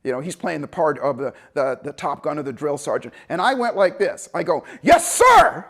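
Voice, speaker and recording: Man with a high, lively storytelling voice. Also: a little fast. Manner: animated, conversational, acts out voices. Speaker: motivational speaker. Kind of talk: storytelling talk to an audience.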